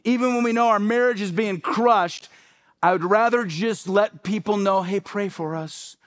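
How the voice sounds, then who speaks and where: A man's voice: sits high, steady tone, moderate pace, smooth. A male pastor preaching a sermon in a conversational way, full of rhetorical questions.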